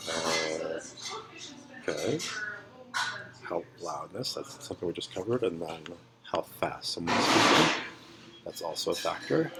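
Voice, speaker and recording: An American man with a neutral General American accent, teaching an English lesson at a relaxed, unhurried pace with many ums and restarts. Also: sits low, very noisy. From United States. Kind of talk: classroom microlesson.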